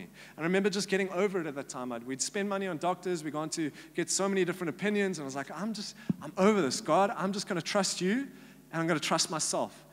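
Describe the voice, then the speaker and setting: A young man from South Africa preaches a sermon through personal testimony. His voice sits a little high, and he keeps the tone casual, full of "like" and voiced quotes. A long hall reverb trails behind his words. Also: quick pace. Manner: casual storytelling with many "like" fillers and acted-out quotes. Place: church hall.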